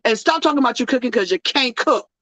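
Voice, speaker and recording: In a casual, preachy talk show monologue, a host with a slightly high voice talks quickly, joking and animated in a sermon-like rhythm. The recording is dry, dull and lo-fi, without echo.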